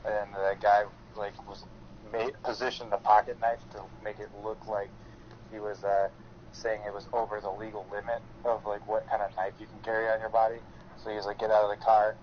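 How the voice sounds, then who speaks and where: A man chats on a podcast in a lowish voice, rambling through a story loaded with "like" and swearing. The audio is dull and lo-fi, with a faint hiss behind him. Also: flat delivery, brisk. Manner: rambling, profane, full of fillers. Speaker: podcast co-host. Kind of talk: casual storytelling chat.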